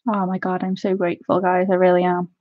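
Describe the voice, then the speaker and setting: Giggly, excitable woman hosting a craft stream. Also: lowish voice, quick pace, no echo, muffled recording. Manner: excitable, giggly, gushing thanks. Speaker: craft channel host. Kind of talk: chatty live stream while colouring.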